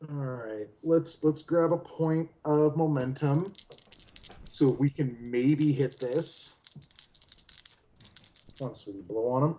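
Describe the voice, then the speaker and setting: A man's voice: medium pitch, takes it slowly, pauses often, warm tone, a little hiss or hum. A man playing a tabletop game in a loose, joking way, swearing casually. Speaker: player. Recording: dull lo-fi mic.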